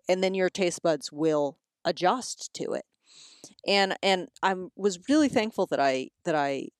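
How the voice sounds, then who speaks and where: Low-voiced mom telling parenting stories. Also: female voice, no echo, studio quality. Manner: animated storyteller, acts out kids' voices. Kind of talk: casual chat.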